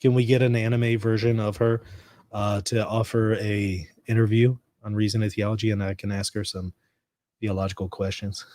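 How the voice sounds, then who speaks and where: A man's voice: lowish voice, little pitch movement, moderate pace, a little mellow, dry recording, clean studio sound. Chatty American man hosting a livestream. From United States. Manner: conversational, reads chat comments aloud and riffs on them. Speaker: livestream host. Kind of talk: casual livestream chat.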